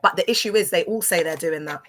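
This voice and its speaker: A woman's voice: lowish voice, quick pace, slight background noise. A woman, hosting a livestream and telling a rambling personal story full of fillers and restarts. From London. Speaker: livestream host. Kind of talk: casual storytelling monologue.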